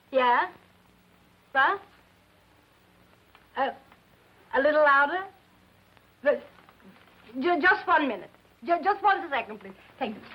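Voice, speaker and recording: An actress playing a soothing middle-aged housewife in a 1950s TV sitcom, coaxing and placating, full of endearments. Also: female voice, high-pitched. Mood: flustered. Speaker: wife and homemaker in a sitcom. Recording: dull lo-fi 1950s TV sound.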